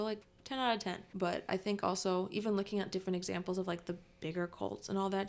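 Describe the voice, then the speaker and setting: A young woman, a podcast guest, chatting casually and earnestly, with many "like"s. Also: mid-range voice. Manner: quick and earnest, heavy use of "like". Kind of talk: casual chat.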